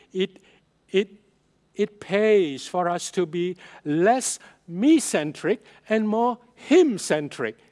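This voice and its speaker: A male pastor preaching a sermon, stressing and repeating key phrases, his loudness rising and falling for emphasis. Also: sits high.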